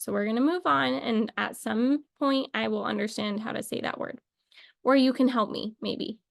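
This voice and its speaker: A woman talking in a playful, rambling way, thinking out loud as she runs a casual mock lesson. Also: fairly high pitch, vocal fry, no room sound, studio quality. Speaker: video creator.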